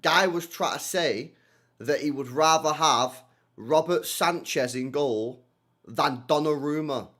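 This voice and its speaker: A man's voice: a little high, takes it slowly. A young man chats casually on a livestream, answering viewer comments in slangy speech full of tag questions. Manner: animated, slangy, repeats himself with many tag questions. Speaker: streamer hosting a football watchalong.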